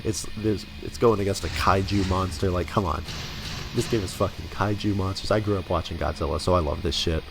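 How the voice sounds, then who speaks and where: A man's voice: low-pitched, a little fast, vocal fry. A young man casually commenting over a video game he is playing, laughing often and swearing freely. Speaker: let's play commentator. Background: game music.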